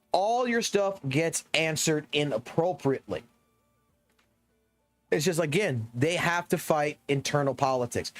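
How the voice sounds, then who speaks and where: A man, a game streamer ranting excitedly and swearing heavily to his live chat. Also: a little high. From Southern United States. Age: 30s.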